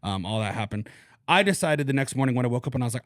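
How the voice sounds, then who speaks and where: A young man co-hosting a casual podcast, telling a story in a crass, animated way with plenty of swearing. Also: medium pitch, a little fast, long pauses, no room sound, clean studio sound. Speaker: podcast co-host.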